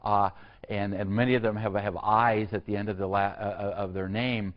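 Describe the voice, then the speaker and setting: A man giving a university history lecture in a halting, digressive way, full of fillers and restarts. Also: lowish voice, flat delivery. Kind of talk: classroom lecture. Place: lecture hall. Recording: dull lo-fi lecture recording.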